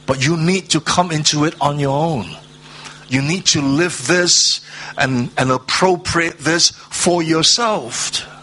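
A man preaching a sermon, reading scripture aloud and stressing words through slow repetition. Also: a little high, pushed and bright, a little hiss or hum. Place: church hall, seated at a low table.

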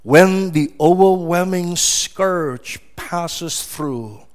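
A man preaching a sermon as pastor. He repeats phrases for emphasis and makes sudden, forceful rises in pitch and volume.

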